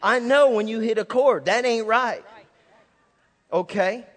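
A male pastor delivers a sermon from a church stage in a fairly high voice. He tells stories with imitated sound effects. His voice rings out with a long reverb through the hall. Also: a little slow. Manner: lively storytelling with sound effects. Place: church sanctuary.

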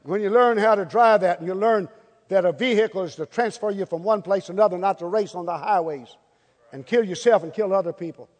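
A high-pitched man with a drawl preaches to a congregation in a folksy, animated way. He acts out small everyday scenes. His voice carries a long hall reverb. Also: brisk. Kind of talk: sermon. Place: church hall before a congregation.

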